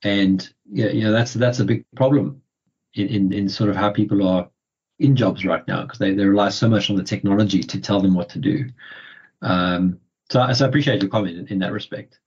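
Husky low-voiced male podcast host. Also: steady tone, brisk, a little mellow. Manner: hesitant, many ums and repeated words. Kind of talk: casual interview talk. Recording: muffled lo-fi audio.

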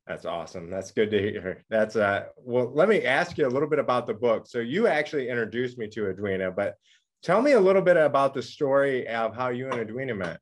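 A podcast host speaks in a middle-pitched voice, offering short affirmations and then prompting the guest with a question. The tone is encouraging and casual. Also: lively intonation, fairly quick. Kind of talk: interview questions and backchannel.

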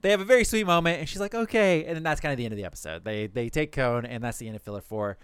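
A young man in casual chat, recapping anime episodes for a podcast with animated, quick storytelling and swearing. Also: medium pitch, clean tone, no room sound.

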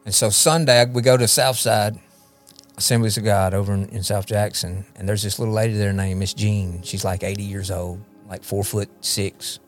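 A man's voice: fairly low pitch, flat delivery, moderate pace, soft background music. A man shares his personal testimony as a podcast guest, rambling and repeating words as he talks. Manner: rambling, repeats words, often asks "you know what I mean?". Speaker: guest, recovery ministry leader.

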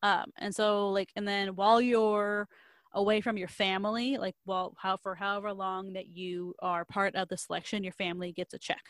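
A woman's voice: medium pitch, flat delivery, moderate pace, no room sound. A young woman chatting casually as she retells a story. She rambles along with many fillers, and her voice is recorded close and dry, with no room sound. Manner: rambling, many likes and ums, quotes characters in lilting voices. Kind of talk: casual chat retelling a novel's plot.

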